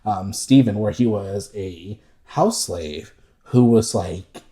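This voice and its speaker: A man from the United States co-hosting a podcast, telling stories in a lively, profane, laughing way. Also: on the low side, takes it slowly. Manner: animated, profane, laughing storyteller. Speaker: podcast co-host. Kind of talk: casual chat.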